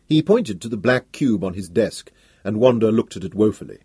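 Husky guy reading a story, lively pitch, dry sound. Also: dry recording. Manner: measured, expressive reading. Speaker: audiobook narrator. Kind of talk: scripted narration.

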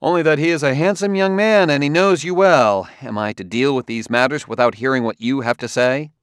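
A man's voice: mid-range voice, a little fast, clean tone, no echo, clean studio sound, voice pushed up, natural voice. A man reading an audiobook, voicing a determined Earthman detective who speaks in a clipped, insistent way.

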